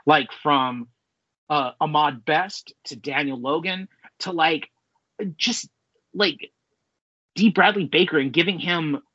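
A man co-hosts a casual pop-culture podcast, rambling in an animated way and swearing freely. His voice sits fairly high and a little husky. The recording is dry, with slightly dull, lo-fi sound. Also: slow, long pauses, no echo. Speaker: podcast co-host.

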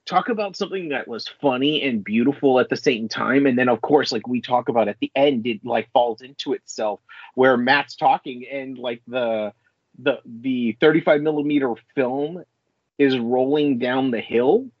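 A man co-hosting a podcast, chatting casually about a show in a rambling, profane, animated way. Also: medium pitch, normal speed, no echo, dull audio. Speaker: podcast co-host. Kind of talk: casual chat reviewing a show.

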